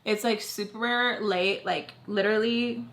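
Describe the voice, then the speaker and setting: Young female vlogger, bright voice, chatty storytime with constant "like" fillers, mid pitch. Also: a little slow, a little hiss or hum. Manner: chatty, heavy use of "like", animated retelling. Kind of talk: casual storytime.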